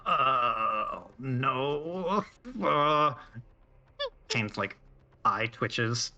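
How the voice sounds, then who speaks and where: A man at medium pitch, expressive and bright with a pushed quality, draws out his words while describing his character's actions in a tabletop game. He rambles loosely with many fillers and restarts, and the audio sounds dull.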